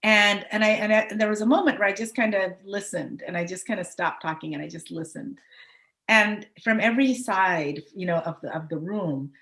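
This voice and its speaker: A woman's voice: mid-range voice, fairly quick, creaky, a bit bright. Chatty woman in her fifties. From United States. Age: 50s. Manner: rambling, full of "like" and "you know". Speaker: podcast guest. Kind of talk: casual storytelling.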